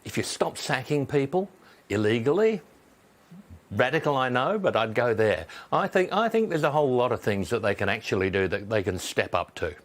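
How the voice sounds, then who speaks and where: Lively, wry man. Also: medium pitch. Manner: wry, blunt and self-mocking, with quick jokes. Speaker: guest commentator. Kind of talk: panel chat on a talk show.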